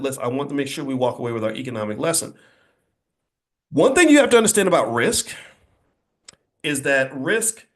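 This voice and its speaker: A middle-aged man giving a motivational speech to a live audience in an indoor venue, emphatic and repetitive, with a preacher-like rhythm. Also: mid-range voice. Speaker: motivational speaker.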